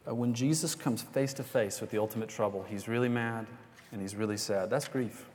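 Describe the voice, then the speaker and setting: A young pastor's lowish, slightly mellow voice moves fairly quickly through a sermon story, casual in tone with small jokes and asides. The sanctuary gives long reverb, and there's a little hiss or hum.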